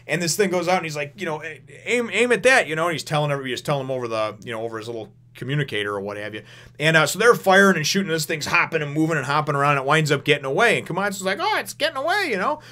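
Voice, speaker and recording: Fast, bright-voiced rambling manga reviewer. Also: male voice, a little high, animated. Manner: rambling, profane, laughs often.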